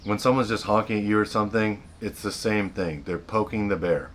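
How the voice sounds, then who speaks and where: A man's voice: fairly low pitch, a little fast, slight background noise. A man hosting a self-help video, giving earnest unscripted advice, often repeating and restarting his sentences.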